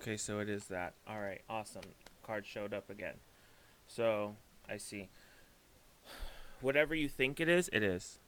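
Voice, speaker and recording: A man with a bright, forward voice gives a casual tarot reading. He gushes and gets carried away, trailing off and circling back as he hunts for the right words. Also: fairly low pitch, normal speed, a little hiss or hum. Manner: effusive, gushing, excitable; rambling, searching for words. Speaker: tarot reader.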